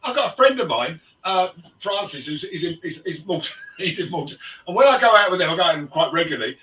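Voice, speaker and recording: A man's voice: sits high, expressive, fast talker, bright, forceful tone, a little hiss or hum. A man hosting a casual chat, talking in a hesitant way with many fillers. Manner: chatty, hesitant, lots of fillers. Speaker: host. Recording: echoey room, mic far off.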